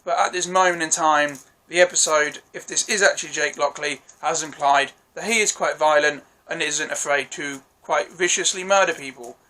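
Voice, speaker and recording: Young guy reviewing a show on his own, bright tense voice, pitched a bit high, rambly and excited, keeps correcting himself. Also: normal speed, few pauses. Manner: enthusiastic, rambling, swears freely; self-correcting, apologetic asides. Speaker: TV episode reviewer. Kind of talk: casual solo review vlog.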